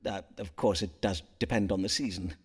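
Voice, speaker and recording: An actor playing a learned, courteous Elizabethan astrologer and doctor who speaks in florid, archaic phrases. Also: male voice, low voice, a little fast, breathy edge, faint music behind. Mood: grave. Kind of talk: period game voice acting.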